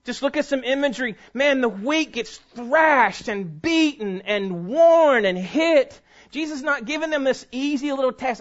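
A man preaching a sermon in a church, reading scripture aloud to his congregation with emphatic swings between loud peaks and hushed drops. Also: very high-pitched, expressive, unhurried. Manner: reads scripture aloud and speaks directly to the congregation. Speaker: pastor. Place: church sanctuary before a congregation. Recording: dull, muffled recording.

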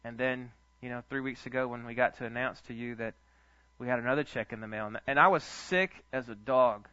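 A male pastor, telling stories in a sermon with an animated, chuckling manner. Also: mid-range voice, a little fast, no room sound. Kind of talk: storytelling sermon. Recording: dull lo-fi dry sound.

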